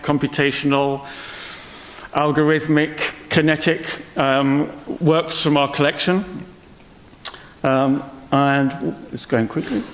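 A man's voice: on the high side, a bit bright. A man whose first language is English, giving an informal welcome speech as a museum director from a stage, chatty and a little self-mocking. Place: stage in a large hall. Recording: long hall reverb.

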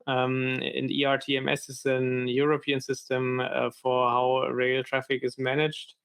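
A man gives a technical presentation over a video call, pausing often with ums and uhs. His voice is gravelly and stays flat in pitch, and he lays points out slowly one by one. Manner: hesitant, many fillers.

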